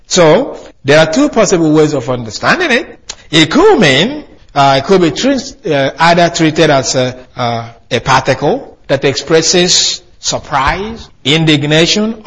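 A man's voice: fairly high pitch, a bit bright, breathy edge. A man preaching a sermon to a congregation, teaching in a conversational way with frequent restarts and fillers. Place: church hall.

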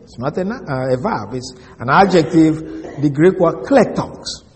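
Man, Bible teacher, deliberate, repeats key words, slightly high voice, long hall echo. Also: expressive, a little mellow, slight background noise. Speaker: preacher. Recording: long reverb of a large hall.

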